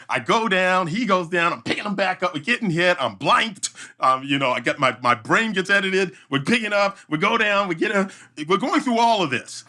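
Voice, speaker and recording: A man who works as an event emcee, guesting on a podcast and telling an animated story with frequent restarts and hummed sound effects. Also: sits high.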